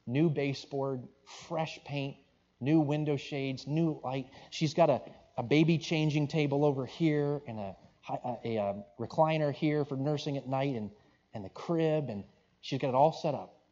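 A man's voice: mid-range voice, normal speed, mellow. A man preaching, telling a story in a conversational, rambling way with restarts and asides. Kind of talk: sermon storytelling. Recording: dull lo-fi recording.

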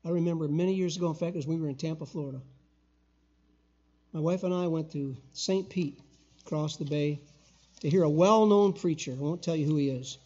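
An older man preaching a sermon as a guest pastor in a church, emphatic, with loud call-and-response bursts. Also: a little high, fairly quick, long pauses, lo-fi sound. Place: church sanctuary.

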